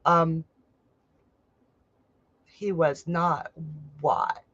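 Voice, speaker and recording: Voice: medium pitch, fairly even intonation, extremely slow, fairly bright tone, dry recording, highs cut off. A psychic host giving a casual live tarot reading, chatty and blunt, swearing freely.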